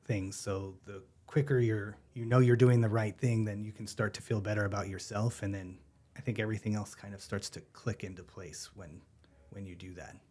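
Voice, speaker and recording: A man in his thirties, a gym member appearing as a podcast guest, chats casually in an interview. His voice is fairly low and his speed normal, and he's relaxed and easygoing, laughing often.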